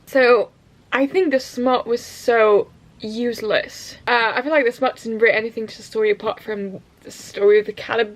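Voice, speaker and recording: Gushing, giggly woman book vlogger. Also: a little high. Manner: emotional, laughs often, drops to whispers. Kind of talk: casual vlog diary.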